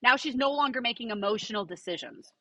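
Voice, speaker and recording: A middle-aged woman Pilates instructor, a podcast guest, telling client stories in an animated, emphatic and reassuring way. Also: a little high, fast talker, a little hiss or hum. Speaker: Pilates instructor and studio owner.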